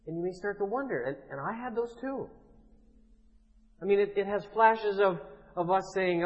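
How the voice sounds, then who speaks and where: High-voiced pastor preaching in a hall. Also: male voice, big pitch swings, a little fast. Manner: emphatic preaching, rising to forceful declarations. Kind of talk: sermon. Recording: muffled sound in a large reverberant hall.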